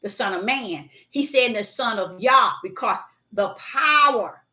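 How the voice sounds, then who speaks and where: Woman, sermon, bright forceful voice, emphatic, repetitive, fillers. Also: fairly high pitch, lively intonation, measured pace. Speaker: preacher. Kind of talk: sermon teaching.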